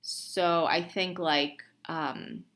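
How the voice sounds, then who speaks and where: Brief: woman teacher, low and slow, halting and casual, screen-recorded lab walkthrough. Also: fairly even intonation, a bit bright. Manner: hesitant, many ums and restarts; informal explaining to students. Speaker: instructor.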